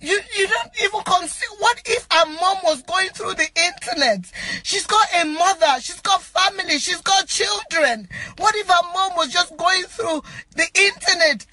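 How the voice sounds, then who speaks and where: A distraught woman, an actress, crying and pleading from inside a car, her voice breaking into shouts as she repeats herself. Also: very high-pitched, poor audio. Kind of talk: emotional self-recorded appeal.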